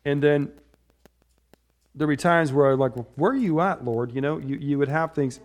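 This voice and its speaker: With a fairly high pitch and a brisk delivery, a middle-aged man preaches as a pastor in an easygoing, conversational style. Personal stories pull him off course, and he regularly checks in with "right?".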